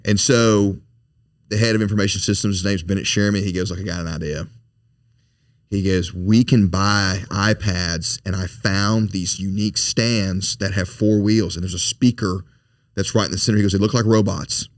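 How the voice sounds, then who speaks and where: Low-voiced male interview guest: earnest storyteller, repeats words, dry close sound. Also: fairly even intonation, normal speed, no room sound. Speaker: foundation president, podcast guest.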